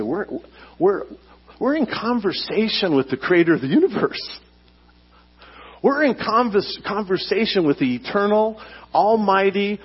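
A man's voice: sits high, husky, highs cut off. A man preaching a sermon as pastor, emphatic and teacherly, putting questions to his congregation.

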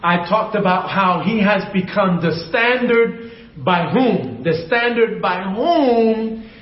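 A man preaching a sermon to viewers, emphatic and repetitive, often dropping low and soft to stress a point. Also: slow pace, roomy sound, dull audio. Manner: emphatic, repeats key phrases, drops low and soft for stress.

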